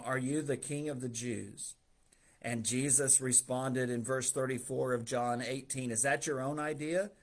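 Man preaching a lively story sermon. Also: mid-range voice. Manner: storytelling, acts out the Bible scenes with raised voice for quoted figures. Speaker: pastor.

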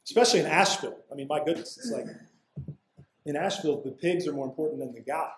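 High-voiced man preaching in an echoey room. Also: a little hiss or hum. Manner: conversational preaching with casual asides and emphatic pauses. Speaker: pastor. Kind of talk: expository sermon.

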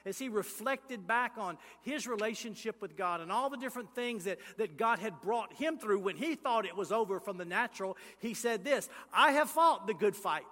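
High, bright-voiced preacher man. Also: normal speed, few pauses, in a large hall. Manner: emphatic, repetitive preaching that swings between loud and hushed. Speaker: pastor. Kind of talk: sermon.

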